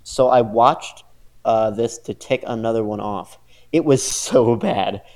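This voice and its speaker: A man's voice: medium pitch, measured pace, a little mellow. A man hosting a podcast, chatting casually and sarcastically about a movie and reading reviews aloud with frequent laughs. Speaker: podcast host.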